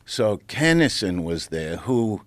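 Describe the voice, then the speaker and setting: A middle-aged man, a comedian telling a story as a podcast guest in a brash, profane, animated way, acting out what people said. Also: lowish voice, takes it slowly, dry recording. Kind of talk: casual storytelling.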